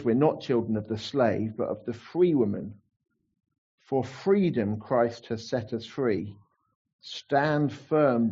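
A man in his forties preaches in a relaxed, conversational way. He fills pauses with ums and restarts his sentences. His voice sits at a middle pitch, and the church recording sounds a little dull. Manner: chatty, self-deprecating, many fillers and restarts. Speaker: pastor. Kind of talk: sermon.

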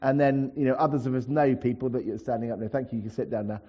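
A man's voice: medium pitch, level tone, quick pace, muffled recording. A man preaching a sermon to his congregation, in a conversational way with asides and everyday examples. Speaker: pastor. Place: church.

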